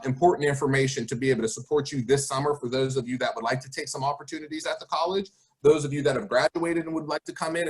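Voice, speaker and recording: Upbeat man giving a video-call talk. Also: a little high. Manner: encouraging, advises with rhetorical questions. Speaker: college guest speaker. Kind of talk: online presentation to students.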